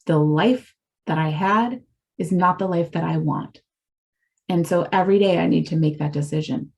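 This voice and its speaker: Earnest, lower-voiced middle-aged woman. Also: normal speed, gravelly, darkish tone. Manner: earnest, confessional, rambling. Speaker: recovery community speaker. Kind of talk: candid personal testimony.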